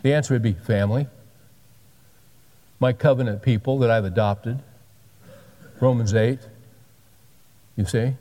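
Sixties guy preaching, low mellow voice, jokey asides, big echoey hall. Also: unhurried, long pauses. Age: 60s. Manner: joking asides, folksy and direct. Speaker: pastor. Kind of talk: sermon.

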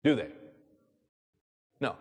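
A darkish-toned male pastor takes his sermon slowly, emphatically repeating words and pressing listeners with rhetorical questions. The sound reverberates at length through a large hall.

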